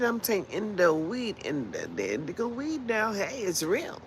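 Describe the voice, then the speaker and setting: A woman's voice: mid-range voice, sing-song, moderate pace, hardly any pauses, slight background noise, rough recording. A woman in her sixties ranting bluntly and profanely on a casual livestream, rambling from point to point. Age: 60s. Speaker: livestream host. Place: in Las Vegas.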